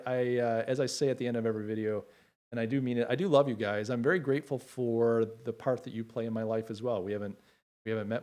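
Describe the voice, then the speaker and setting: A middle-aged man hosting a casual livestream who talks with heartfelt emotion, halting often with fillers. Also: medium pitch, darkish tone. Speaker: livestream host.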